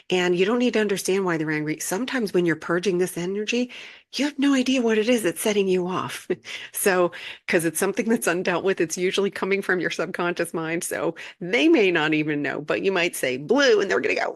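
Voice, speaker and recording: A woman hosting a casual spiritual energy update, gentle and reassuring, laughing now and then. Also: fairly low pitch, normal speed. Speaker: spiritual channel host.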